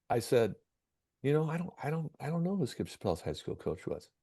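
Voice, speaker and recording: A man's voice: medium pitch, normal speed. A middle-aged man from Michigan, a basketball coach being interviewed, telling a long story and acting out the dialogue with frequent restarts. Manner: animated storyteller, acts out dialogue, repeats words.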